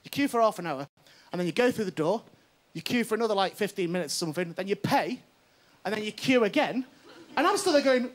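A male comedian tells a stand-up story to a live studio audience, acting out the voices of the people in it. His very high voice is expressive and brisk, and the TV studio audience laughs loudly.

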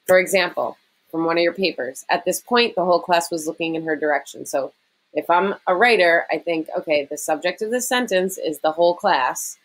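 A woman's voice: fairly low pitch, fairly quick, low-quality recording. A woman teacher giving a recorded writing lesson to her students, explaining step by step in a conversational way with frequent "okay" and "um".

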